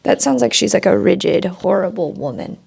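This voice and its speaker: A woman's voice: medium pitch, lively intonation, normal speed, vocal fry, darkish tone, husky. A young woman streamer talking candidly to the camera, rambling and swearing casually. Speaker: streamer and content creator.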